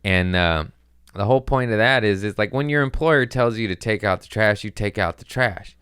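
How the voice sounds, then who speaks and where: A man's voice: fairly low pitch, moderate pace, a bit bright, clear, resonant tone, dry recording, studio quality. A man hosting a podcast, rambling through a profane, self-mocking comedic monologue in casual chat. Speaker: podcast host.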